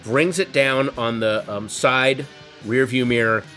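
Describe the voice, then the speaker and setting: A man spins a comic anecdote with wry, animated delivery. His voice sits in a middle register. Guitar music plays clearly underneath. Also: mid-range voice, measured pace. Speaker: storyteller. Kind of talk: comedic storytelling.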